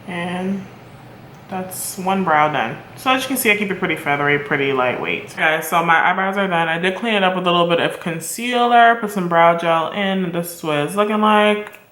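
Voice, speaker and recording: A woman's voice: on the low side, fairly quick, fairly bright tone, a little hiss or hum. A woman chatting enthusiastically to her viewers while doing a makeup tutorial, speaking to them directly. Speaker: beauty vlogger. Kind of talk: casual makeup tutorial chat. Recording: echoey room.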